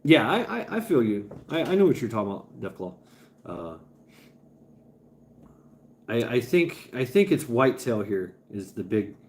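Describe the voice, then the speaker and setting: A man hosting a casual livestream, rambling and chatting with his viewers with stammering restarts and some swearing. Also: medium pitch. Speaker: livestream host. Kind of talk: casual livestream chat, reading chat.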